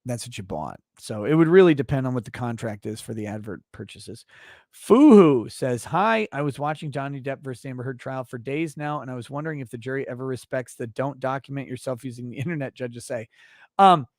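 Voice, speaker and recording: A man's voice: medium pitch, fast talker, no room sound, clean studio sound. A man hosting a casual livestream, reading viewer messages aloud and giving blunt, profane, offhand replies. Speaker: livestream host.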